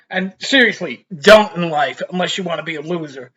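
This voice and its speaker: A man's voice: fairly high pitch, fairly quick, hardly any pauses. A middle-aged man telling a story in a casual, rambling way, swearing freely. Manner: profane, animated, rambling storyteller. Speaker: vlogger.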